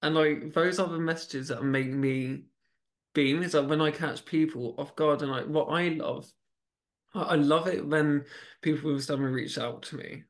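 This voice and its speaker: Man, higher voice, flat delivery. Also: normal speed. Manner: chatty, with frequent restarts and repeated words. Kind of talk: casual storytelling conversation.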